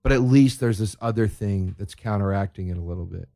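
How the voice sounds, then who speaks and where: A man's voice: lowish voice, fairly quick, gravelly, mellow. A man on his comedy podcast, ranting sarcastically and profanely with big swings in energy. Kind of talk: solo comedic rant.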